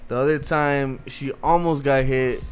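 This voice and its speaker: A man's voice: mid-range voice, fairly even intonation, measured pace, slight background noise. A young man co-hosting a podcast, telling stories in loose, profane casual chat. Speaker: podcast co-host.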